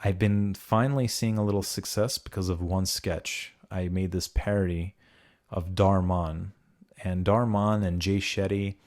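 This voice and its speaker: A young man hosting a casual podcast chat, swearing freely and getting animated as he makes his points. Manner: animated, swearing freely, jumps into high mocking voices when quoting. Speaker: podcast host.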